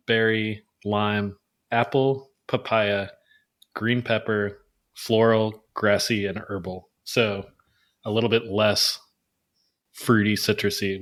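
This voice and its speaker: A man's voice: lowish voice, fairly bright tone. A man co-hosting a beer podcast, explaining hop details in casual, informative chat.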